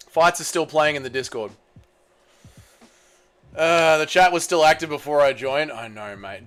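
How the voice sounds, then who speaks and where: A young Australian man chatting on a livestream, trading jabs with his viewers and swearing freely. His voice sits a bit high for a man. He rambles between reading comments and firing back at them. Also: measured pace, pauses often, a bit bright, clear, resonant tone. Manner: bantering and swearing, mock-patriotic ribbing. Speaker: streamer. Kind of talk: casual livestream chat, reading and answering viewers.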